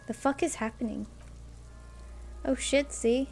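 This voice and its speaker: Girl reading out a game's text on stream, kinda high voice, stops to squeal and laugh at stuff. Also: unhurried, gravelly, soft background music. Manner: reads text aloud, breaks off to react, squeals and laughs. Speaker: gameplay streamer. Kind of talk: reading game text aloud with casual commentary.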